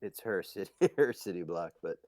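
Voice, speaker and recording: A man's voice: sits low, animated, normal speed, darkish tone, no room sound, studio quality. A man voicing an irritable, foul-mouthed male henchman who curses and sounds impatient. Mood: explaining. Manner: cursing, impatient.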